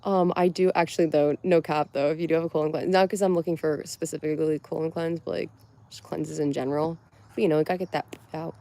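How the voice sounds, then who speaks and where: A woman's voice: sits low, steady tone, fast, background noise. A young woman from Connecticut hosting a casual livestream, chatting and giggling as she answers viewers' comments. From Connecticut, USA. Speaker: livestream host.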